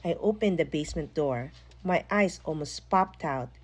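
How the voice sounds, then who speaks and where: A woman reading a children's picture book aloud with expressive, animated storytelling. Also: low voice, normal speed, husky. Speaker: storytime reader.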